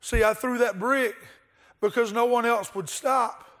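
A man's voice: very high voice, fairly even intonation, measured pace, a bit bright, voice pushed up. A man acting out a frightened young boy who pleads and stammers. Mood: pleading.

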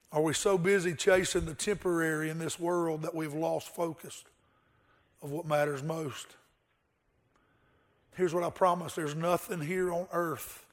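A male pastor delivering an earnest sermon, with rhetorical questions and a told story. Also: on the high side.

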